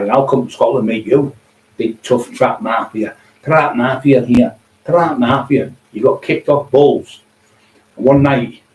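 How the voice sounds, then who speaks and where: A man's voice: mid-range voice, warm tone. Middle-aged man ranting aggressively, echoey. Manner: aggressive, profane, taunting. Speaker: vlogger. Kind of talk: angry ranting monologue. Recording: echoey distant room, faint hum.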